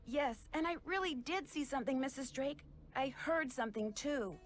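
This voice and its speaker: A woman's voice: high-pitched, expressive, normal speed, faint music behind. An actress voicing a curious young woman sleuth in a mystery game, talking in an earnest, chatty way. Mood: polite. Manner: earnest, chatty letter-writing narration.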